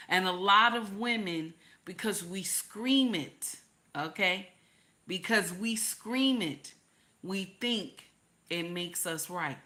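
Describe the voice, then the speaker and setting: Unhurried and animated, an older woman hosting a live stream shares casual advice on relationships with those watching. She restates her points and drops into a quiet, confiding register for emphasis.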